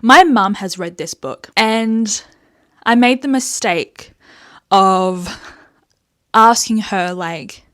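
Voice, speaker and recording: A young Australian woman hosting a casual book vlog, animated and sweary as she rants, with frequent laughs. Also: medium pitch, takes it slowly, pauses often. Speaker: book reviewer host.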